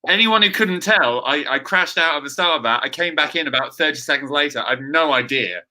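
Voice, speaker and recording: Very bright-voiced casual man. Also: a little high, brisk. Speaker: improv comedian. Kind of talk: improv comedy on a video call.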